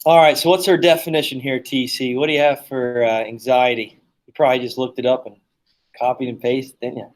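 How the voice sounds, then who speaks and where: A man's voice: mid-range voice, steady tone, brisk, poor audio. A man teaching a classroom lesson in a casual, joking, chatty way, telling stories and teasing his students.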